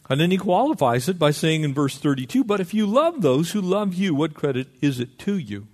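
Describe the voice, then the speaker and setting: A middle-aged man preaching a sermon, lively and conversational, acting out little dialogues. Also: a little high. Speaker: pastor.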